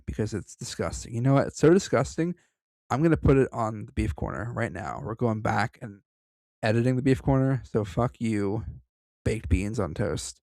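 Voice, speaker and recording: Podcast co-host, male, gravelly reader who drops in profane banter; dry close mic. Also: mid-range voice, darkish tone, no echo. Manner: profane, joking asides between read passages. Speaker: podcast co-host reading a story. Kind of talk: casual story reading with banter.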